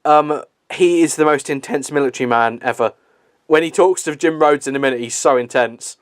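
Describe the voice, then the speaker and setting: A man's voice: on the high side, fairly quick, dry recording. A young man giving a casual movie commentary, chatty and swearing, with lots of fillers and laughs.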